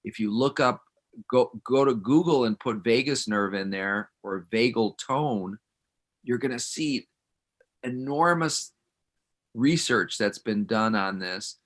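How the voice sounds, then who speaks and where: A man leading a guided breathing exercise in a gentle, calm way. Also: mid-range voice, slow pace. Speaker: breathing instructor.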